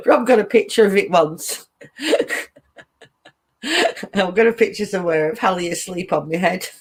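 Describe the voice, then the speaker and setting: A woman's voice: mid-range voice, slow pace, long pauses, husky. A woman hosting a casual live-stream chat, giggling often and greeting viewers as she reads their comments.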